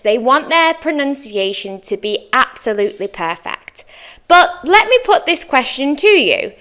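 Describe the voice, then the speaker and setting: A British woman teaching English pronunciation, modeling words slowly and clearly and praising the listener after each try. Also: fairly high pitch, a bit bright. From Britain. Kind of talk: pronunciation lesson.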